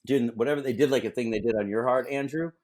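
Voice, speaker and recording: A man hosting a podcast, retelling a story in a quiet, low voice. He sits a little away from the microphone. His voice has an ordinary middle pitch. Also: quick pace. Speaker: podcast host. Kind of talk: casual chat.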